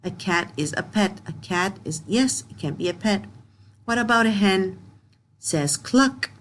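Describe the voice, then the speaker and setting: A woman teaching young pupils in a recorded grammar lesson, reading sentences aloud slowly word by word and patiently repeating herself. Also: medium pitch, animated, a bit bright, slight background noise. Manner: repeats and restarts phrases.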